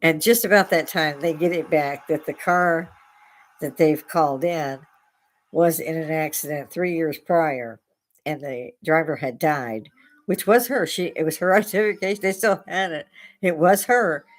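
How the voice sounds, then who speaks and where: A woman's voice: deep voice, a little slow. A woman hosting a casual chat, telling spooky stories and laughing often as she goes. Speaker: host. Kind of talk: casual storytelling.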